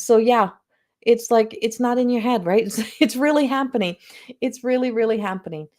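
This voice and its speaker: A woman's voice: on the high side, normal speed. Chatty woman hosting a psychic livestream. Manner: chatty and animated, acts out quoted voices. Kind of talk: casual livestream talk.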